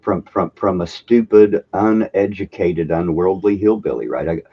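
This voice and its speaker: A man's voice: deep voice, normal speed, husky. A man telling a story on his own stream, swearing and laughing as he goes. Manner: animated, swearing, laughs often. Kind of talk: casual chat, storytelling. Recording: dull lo-fi stream audio.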